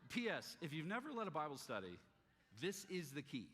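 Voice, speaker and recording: Husky male pastor in reverberant hall. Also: a little high. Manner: animated storyteller, acts out dialogue. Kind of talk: sermon with storytelling.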